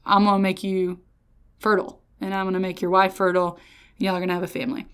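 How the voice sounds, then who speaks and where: A woman voicing God as a relaxed, slangy adult man who stays patient and firm. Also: medium pitch, fast talker, smooth, pitched below the performer's own voice, close to an everyday voice. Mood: calm, firm. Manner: easygoing slangy talk. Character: casual laid-back God, adult male, patient.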